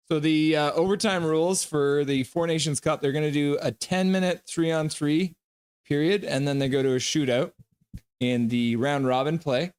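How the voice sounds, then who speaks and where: A man streaming live reactions to a hockey game, calling plays in quick clipped bits between offhand chat remarks. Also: on the high side, clear, resonant tone, no room sound, studio quality. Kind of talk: casual live play-by-play commentary.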